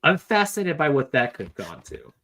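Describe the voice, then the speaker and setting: A man's voice: fairly high pitch, huge pitch swings, fairly quick, pushed and bright. A man co-hosting a podcast, chatting casually about a book in a rambling way, full of fillers and jokes. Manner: rambling, filler-heavy, joking. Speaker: podcast co-host.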